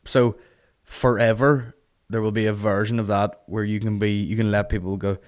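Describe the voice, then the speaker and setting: At a moderate pace and in a somewhat low voice, a man hosting a comedy podcast delivers a casual comic rant. He curses a lot, stays animated, and does impressions of other people.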